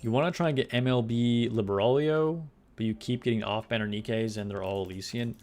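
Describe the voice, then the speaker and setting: A man's voice: medium pitch, a little fast, faint music behind. Chatty young man streaming a game. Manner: relaxed, chatty, laughs often, talks to chat. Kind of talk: casual live-stream chat. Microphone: desk microphone.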